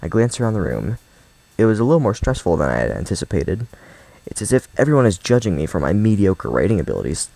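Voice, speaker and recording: A man's voice: fairly low pitch, big pitch swings, fairly quick, creaky, mellow, dry recording, poor audio. A man hosting a let's play, reading a visual novel aloud and adding casual, joking asides.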